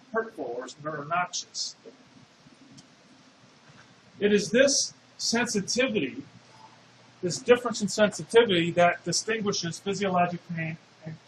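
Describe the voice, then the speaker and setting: A man's voice: high voice, a little hiss or hum. A man giving a classroom lecture, explaining step by step and putting questions to the class. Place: lecture hall. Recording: echoey lecture hall.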